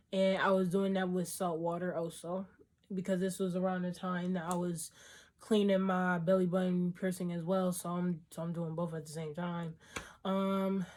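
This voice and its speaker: A young woman tells a story straight to her camera in a loose, rambling way, full of fillers and quick acted-out quotes. Her voice sits a little on the low side for a woman. It sounds like a relaxed self-filmed vlog. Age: young adult. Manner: rambling, filler-heavy, acts out quoted dialogue. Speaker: vlogger.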